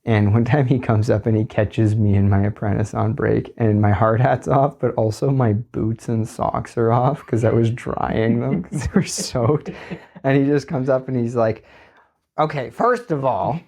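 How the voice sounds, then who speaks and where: A man in casual chat, telling animated, profane stories about his construction job. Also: medium pitch, moderate pace, creaky. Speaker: construction worker.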